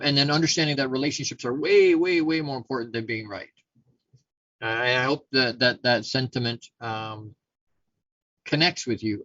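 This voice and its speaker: A man's voice: medium pitch, dry recording, lo-fi sound. Casual middle-aged male talk host. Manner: casual, rambling, frequent restarts, animated storyteller. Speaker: show host. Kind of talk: conversational self-help talk.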